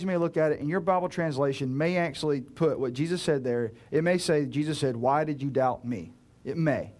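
A man preaching a sermon as a pastor, earnest and direct, swinging between loud urgent pleading and hushed, slow emphasis. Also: high-pitched. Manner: earnest, direct address to listeners.

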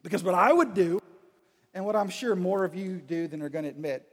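A man giving a humorous storytelling talk, animated and acting out bits of dialogue. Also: high voice, fairly quick. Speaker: speaker. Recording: reverberant hall.

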